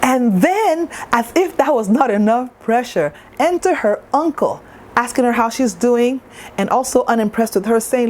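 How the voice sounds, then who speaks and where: A woman's voice: a little high, lively intonation, normal speed, a little mellow, a little hiss or hum. A woman talking to camera in a casual review vlog, chatty and playful, with asides to the viewer. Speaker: TV show reviewer.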